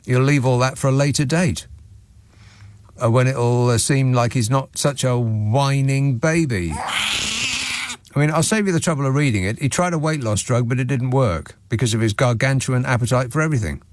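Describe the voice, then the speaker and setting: In a studio with no room sound, a man hosts a late-night talk radio show. His mid-range voice moves at a normal speed as he delivers a sarcastic, mocking monologue and reads out listeners' messages.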